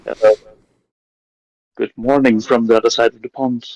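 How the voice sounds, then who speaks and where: A just-woken man with a gravelly, croaky voice asks his questions in a friendly, hesitant way. His voice sits close and dry, with no room around it. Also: medium pitch, flat delivery, moderate pace, a little mellow, no echo, dull audio. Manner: friendly, hesitant, laughs often. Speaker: fan asking questions. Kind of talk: casual chat.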